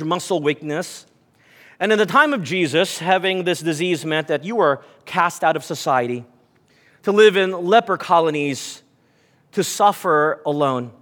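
A large hall carries a pastor's unhurried sermon, his voice a little high and fairly bright. Addressing his congregation, he tells stories and reads passages of scripture aloud.

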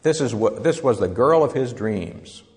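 A man at an ordinary middle pitch teaches a Bible lesson, walking listeners through slides in a plain, explanatory manner. His voice carries a long reverb, as if recorded in a large hall. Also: animated, measured pace.

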